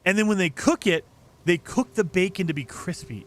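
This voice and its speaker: A man's voice: high voice, moderate pace, fairly bright tone. A man streaming a game, chatting casually and reacting to viewer comments with lots of fillers. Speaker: gaming streamer. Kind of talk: casual chat with live chat.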